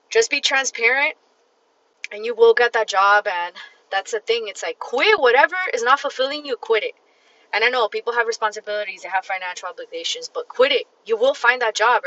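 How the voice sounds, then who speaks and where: A woman hosts a casual solo podcast, tired but blunt and emphatic, swearing freely as she talks straight to the listener. Her voice is bright and forceful. The recording sounds dull and lo-fi. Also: on the high side, expressive, moderate pace. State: tired and fatigued. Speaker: podcast host.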